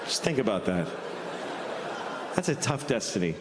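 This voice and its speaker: A man doing live stand-up, delivering dark one-liners in a deadpan way. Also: lowish voice, moderate pace, very noisy. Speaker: stand-up comedian. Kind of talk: stand-up routine. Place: live comedy stage before an audience. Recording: echoey hall with loud audience.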